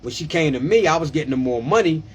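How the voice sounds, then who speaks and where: A man's voice: a little high, expressive, quick pace, breathy edge. A man who works as a tax preparer, talking casually on a livestream, emphatic and repetitive, often asking whether listeners understand. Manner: emphatic, repeats himself and asks "you understand?". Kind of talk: casual live-stream talk.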